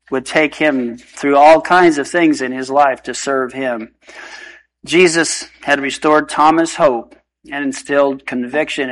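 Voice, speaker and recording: Earnest man preaching, slightly high voice. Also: fairly bright tone, rough recording. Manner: earnest, emphatic, shifting pace. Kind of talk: sermon.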